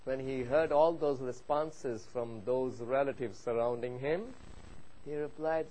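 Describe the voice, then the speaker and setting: Persian-speaking guy preaching in english, bit high voice, gets loud then goes soft. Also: moderate pace, poor audio. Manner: impassioned, swells loud on key points then drops low for storytelling. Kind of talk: sermon.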